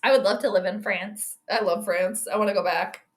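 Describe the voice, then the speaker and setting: Speaking at a moderate pace in a medium pitch, a woman runs a relaxed livestream with game commentary and astrology predictions. Her chat drifts freely between play-by-play reactions, hellos to viewers and assorted tangents.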